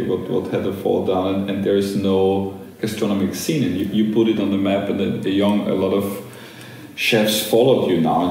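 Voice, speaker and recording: Dark-voiced man interviewer. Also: low voice, very echoey, low-quality recording. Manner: halting, repeats words.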